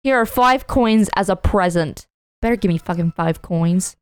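A woman's voice: mid-range voice, moderate pace, clean tone, dry recording. A woman co-hosting a podcast, chatting casually through a party video game, blunt and swearing freely. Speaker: podcast co-host. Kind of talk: casual gameplay chat.

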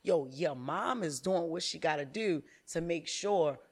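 A woman in her thirties, a comedian guest on a podcast, telling candid stories in an animated, profane way. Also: deep voice, unhurried, husky.

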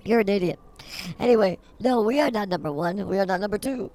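A woman's voice: medium pitch, animated, brisk, dark tone. A woman co-hosting a comedy podcast, feisty and mock-combative in her banter. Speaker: podcast co-host.

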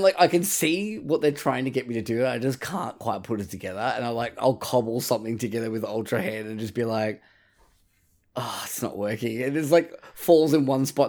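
A man's voice: mid-range voice, darkish tone. A man co-hosting a podcast in casual chat, swearing freely and acting out his own reactions. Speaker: podcast co-host.

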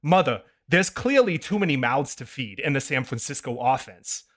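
A man's voice: mid-range voice, lively intonation, moderate pace, a bit bright. A man doing a comedic voice of a nerdy, know-it-all boy lecturing his mother. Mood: pedantic. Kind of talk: comedic impression in a podcast.

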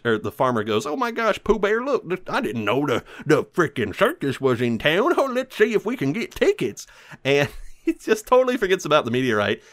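Guy rambling thru a movie recap, animated, keeps dropping into goofy voices. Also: medium pitch. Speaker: podcast host.

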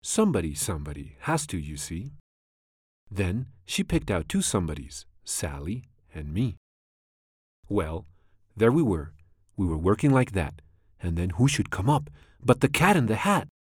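A man reads a rhyming children's book aloud with a bouncy rhythm. His pitch swings widely and expressively. The recording is dry and close, with no room sound. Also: big pitch swings, unhurried, darkish tone, breathy edge, no room sound. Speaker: storybook reader. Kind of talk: children's storybook read-aloud.

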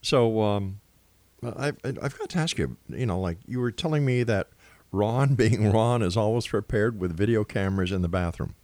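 A man's voice: lowish voice, moderate pace, a little mellow, no room sound. A man hosting a radio interview, asking his guest a question with brief, amused replies.

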